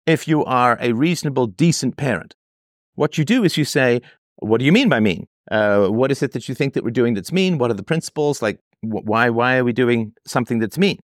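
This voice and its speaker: A man's voice: mid-range voice, no echo. Argumentative man, dry close sound. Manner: argumentative, rhetorical questions, mocking quoted voices. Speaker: host reacting to a listener's letter. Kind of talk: commentary.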